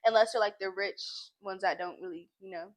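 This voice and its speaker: A woman's voice: mid-range voice, fairly even intonation. A teenage girl co-hosting a casual podcast, stretching her words out in a Valley-girl way. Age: teens. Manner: drawn-out Valley-girl way of speaking. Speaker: podcast co-host. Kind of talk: casual chat.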